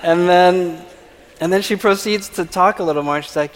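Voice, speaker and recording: A man's voice: high-pitched, normal speed. A man giving a personal testimony at church, telling his story and often checking in with the audience with "okay?". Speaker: church speaker. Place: church sanctuary. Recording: long reverb of a large hall.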